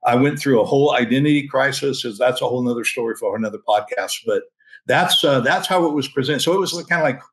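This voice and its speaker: A man's voice: medium pitch, fast talker, rough recording. Man in his sixties telling a story, chuckling. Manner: animated storyteller, chuckling, many restarts. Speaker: senior pastor. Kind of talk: storytelling in a podcast interview.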